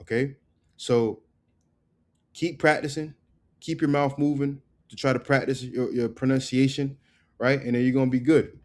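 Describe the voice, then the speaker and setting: A man teaching a casual online language lesson. He drills words slowly and keeps checking in with "right?" and "okay?". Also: medium pitch, fairly even intonation.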